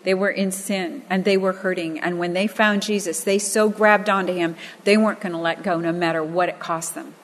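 A woman's voice: on the low side, steady tone, normal speed, hardly any pauses, big-room sound. A woman teaching from the Bible in an earnest, storytelling manner, pressing hard on key phrases and weaving in personal stories.

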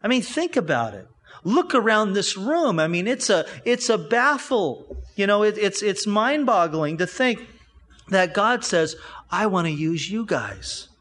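A man with a notably high voice preaches a sermon to his church. He tells Bible stories in a casual, conversational way and often stops to restart his sentences. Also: sing-song, unhurried, fairly bright tone. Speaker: pastor.

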